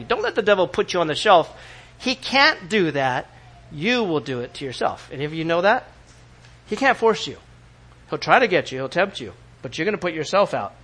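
A man preaching a sermon as pastor, in an animated way, asking the congregation questions and acting out the voices of the people he quotes. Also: fairly high pitch, normal speed.

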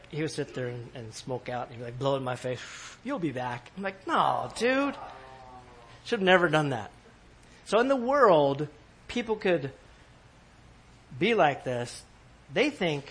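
Casual, lively man preaching a sermon. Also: a little high, breathy edge. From California. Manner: conversational preaching with laughs and asides to the congregation. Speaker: pastor. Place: church in New York.

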